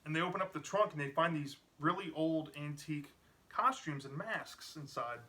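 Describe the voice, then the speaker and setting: Acting as a book reviewer, a man casually retells a book's plot, rambling and using many "you know" fillers. His voice is on the high side, at a moderate pace, and sounds pushed and bright.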